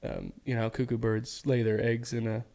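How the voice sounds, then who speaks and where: Male podcast co-host, mid-pitched, rambling storyteller, swears casually. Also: huge pitch swings, fairly quick, gravelly, dark tone. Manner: rambling, loose storytelling with lots of fillers; profane, joking banter. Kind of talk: casual chat.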